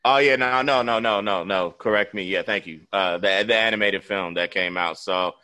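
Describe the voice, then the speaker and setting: A man's voice: on the low side, moderate pace, pushed and bright. Laid-back man telling a rambling story. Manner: loose, rambling, peppered with "you know what I'm saying". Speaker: podcast host. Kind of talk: casual storytelling chat.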